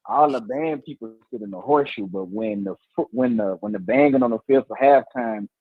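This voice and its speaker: A man in his thirties, a teacher and co-host, telling stories in casual slangy chat and acting out quotes with lively voices. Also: medium pitch, a little fast, creaky, no room sound, narrow, tinny audio. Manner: animated storytelling, slangy, acts out quotes.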